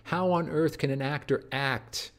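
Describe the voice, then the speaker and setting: A man doing a gushing, childlike young man, marveling at everything in a high, breathless voice. The voice sits well above a normal male pitch and bubbles with naive wonder. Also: steady tone, unhurried, close to an everyday voice. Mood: amazed.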